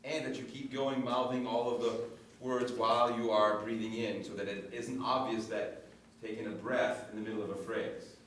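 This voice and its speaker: A male vocal coach leads a chorus rehearsal, explaining technique and checking in with the singers. His voice comes from well away from the microphone, in a very echoey room with steady noise in the background. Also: lowish voice, normal speed. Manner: instructive, checks in with "right?". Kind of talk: choir coaching session. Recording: echoey room, distant mic, noisy.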